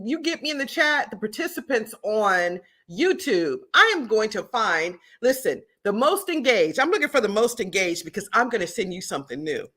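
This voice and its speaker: A woman's voice: medium pitch, fairly bright tone, slightly rough. A middle-aged woman from the US, hosting an upbeat live stream and hyping up her viewers with lots of repetition. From Southern US. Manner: exuberant, hype-building, talks to viewers directly, repeats herself. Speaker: livestream host and product founder.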